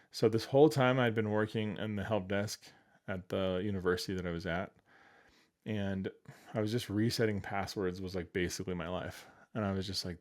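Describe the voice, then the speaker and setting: A man in his forties, a guest in a casual interview, telling personal stories with lively acted-out quotes. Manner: animated, acts out quoted voices with sudden jumps in pitch and volume.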